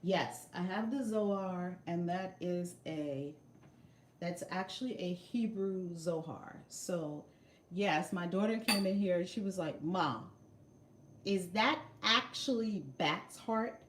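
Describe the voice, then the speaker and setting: A woman's voice: fairly low pitch, takes it slowly, slight background noise. Emphatic woman in an echoey room. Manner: animated, emphatic, repeats phrases. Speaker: spiritual vlogger. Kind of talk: casual livestream storytelling. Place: home room with altar and shelves. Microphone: phone camera.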